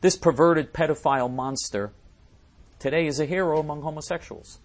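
A man hosting a talk show, delivering an emphatic, scornful monologue with many restarts and sudden swings in loudness. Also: a little high, moderate pace. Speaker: talk show host reading listener messages. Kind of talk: ranting monologue.

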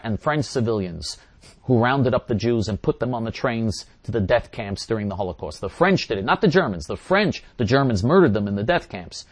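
A middle-aged man with a fairly low voice hosts a talk show and answers listener questions. He talks emphatically and circles back over his own phrases, restarting sentences as he goes. His voice sounds dry and close on the mic, with no room behind it. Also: no room sound. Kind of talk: casual monologue answering questions.

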